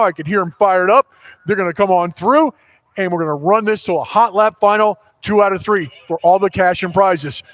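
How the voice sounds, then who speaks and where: A man hosting a drag racing livestream, giving an upbeat, deliberate intro. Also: high voice, no echo. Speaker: show host. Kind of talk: scripted show intro.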